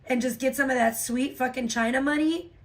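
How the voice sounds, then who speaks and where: A slightly high-pitched woman hosts a casual livestream, still getting over a sore throat. She rants with constant swearing, going from low, tired talk to loud outbursts. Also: a little fast. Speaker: livestream host. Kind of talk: casual livestream chat reading donations.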